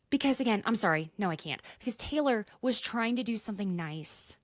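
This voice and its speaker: A woman's voice: fairly high pitch, animated, moderate pace, dry recording, clean studio sound. A young adult woman hosting a podcast, recapping in a casual, dramatic way and dropping into whispered asides. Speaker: podcast host.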